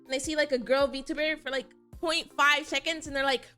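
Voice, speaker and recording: A woman's voice: sits high, fairly even intonation, fairly quick, pushed and bright, soft background music. A young woman VTuber chatting casually on stream, answering chat and laughing often.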